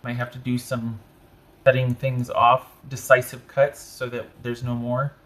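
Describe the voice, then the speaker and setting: A man's voice: medium pitch, unhurried. Chatty man giving a tarot reading. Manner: chatty, self-interrupting, animated asides. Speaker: tarot reader. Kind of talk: casual tarot reading monologue.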